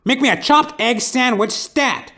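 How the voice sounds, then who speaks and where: A man's voice: very high-pitched, unhurried, sharp tone, voice pushed up, heavily acted. A man doing a bossy, barking noir detective. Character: brash tough male film-noir detective.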